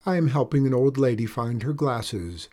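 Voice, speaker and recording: Man voicing a kind, unruffled young girl, gentle and breathy. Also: medium pitch, expressive, moderate pace, natural voice. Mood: calm. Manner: gentle and matter-of-fact, slightly raised voice. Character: calm, kind little girl. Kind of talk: storybook character voice.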